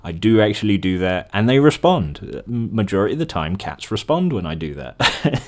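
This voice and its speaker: Here a podcast host relates a dream in casual solo storytelling, rambling, chatty and self-mocking with laughter. He has a fairly low voice with a sing-song quality and keeps a moderate pace.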